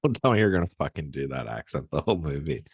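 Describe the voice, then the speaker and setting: Deep-voiced blunt man. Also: sing-song, fast, creaky, a crowd in the background. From Canada. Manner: blunt, swears freely. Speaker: podcast co-host. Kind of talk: casual movie chat.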